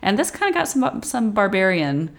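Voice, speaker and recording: Animated woman co-host, casual horror-film chat, lively intonation, laughs easily. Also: mid-range voice, moderate pace, creaky. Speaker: podcast co-host.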